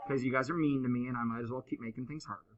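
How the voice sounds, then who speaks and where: A man teaching a high school math class, explaining step by step and teasing his students. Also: steady tone, rapid-fire, highs cut off, slight background noise. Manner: playful, teasing banter with students. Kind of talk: classroom lecture.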